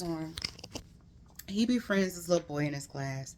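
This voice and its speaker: Brief: woman, 30s, low-pitched, casual book recap, heated emphatic delivery. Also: expressive, moderate pace, darkish tone. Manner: emphatic, heated storytelling that rises in pitch when worked up; conversational, addresses viewers directly. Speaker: book reviewer.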